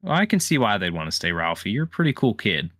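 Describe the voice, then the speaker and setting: A man playing a tabletop game, thinking aloud in a halting, casual way. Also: on the low side, big pitch swings, fairly bright tone, no room sound, studio quality. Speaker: player.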